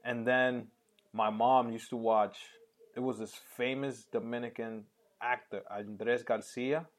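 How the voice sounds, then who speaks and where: A man in a casual podcast chat, telling stories at an easy pace. His voice sits in an average pitch. He slips Spanish phrases into his talk. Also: measured pace. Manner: relaxed storytelling, mixes in Spanish phrases. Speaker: podcast co-host.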